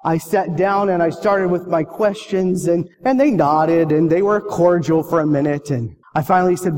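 A man's voice: high-pitched, moderate pace, hardly any pauses, darkish tone. A man preaching a sermon, telling a personal story and asking the congregation earnest questions. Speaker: pastor. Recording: long reverb of a hall.

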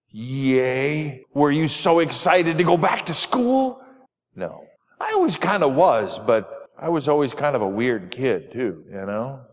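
A male pastor reading the gospel and then giving a gentle, playful children's sermon that swells into emphatic exclamations. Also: fairly high pitch. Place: church sanctuary. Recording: long church reverb.

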